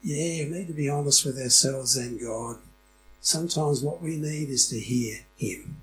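A man's voice: medium pitch, slow pace, pauses often, a bit bright, soft background music, poor audio. Conversational preacher, man. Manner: conversational, asks the congregation questions. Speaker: pastor. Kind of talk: sermon.

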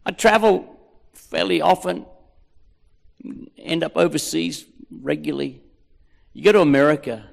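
A man's voice: fairly high pitch, a little slow, vocal fry, pauses often. A man with an Australian accent preaching a rousing, jokey sermon as a pastor, recorded in a large hall. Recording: echoey hall.

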